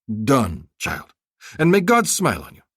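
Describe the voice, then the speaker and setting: A flattering, effusive bazaar vendor, voiced by a man narrating a thriller audiobook, pitched well above his own voice and swinging up and down as he haggles. The sound is close and dry. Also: a little slow, slightly rough, no room sound, full character voice. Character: fawning chatty male bazaar vendor.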